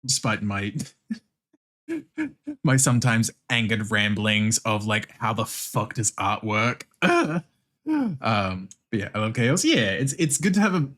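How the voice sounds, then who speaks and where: A man's voice: fairly low pitch, wildly swooping pitch, takes it slowly, a bit bright. An Australian man chatting casually with viewers while drawing on stream, swearing freely and laughing often. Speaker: art streamer.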